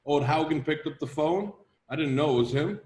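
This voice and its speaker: A man in his thirties from Latvia, a strongman guest telling his story in a steady, measured way in a casual interview. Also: a little high, a little hiss or hum. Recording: roomy echo.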